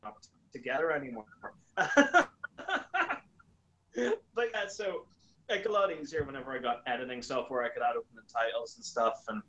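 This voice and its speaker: Animated man telling stories. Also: quick pace, rough recording. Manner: animated storyteller, acts out quoted lines in a higher voice. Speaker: YouTuber guest. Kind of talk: casual chat.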